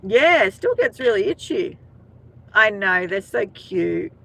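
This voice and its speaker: A woman's voice: medium pitch, big pitch swings, unhurried, gravelly, fairly bright tone, poor audio. An Australian woman hosting a casual live chat, laughing often and talking to her viewers by name. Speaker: livestream host.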